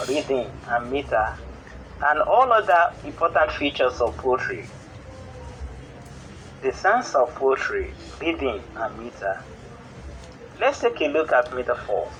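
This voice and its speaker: Male teacher, Nigerian English accent, mid pitch, measured classroom delivery, faint hum behind. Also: low-quality recording. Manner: steady, explanatory teaching delivery. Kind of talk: classroom lesson on television.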